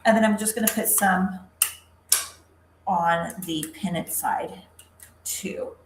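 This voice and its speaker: A chatty woman hosts a casual live craft demo and greets viewers by name as she works. Her voice sits at a middle pitch and carries the echo of a roomy room with faint ambience behind it. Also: steady tone, slow pace, noisy background. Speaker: craft livestream host.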